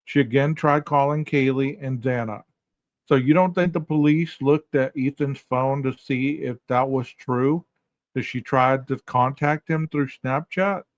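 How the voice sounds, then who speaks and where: A man's voice: medium pitch, no echo, lo-fi sound. A man hosting a casual commentary podcast, asking his listeners rhetorical questions directly. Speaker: podcast host.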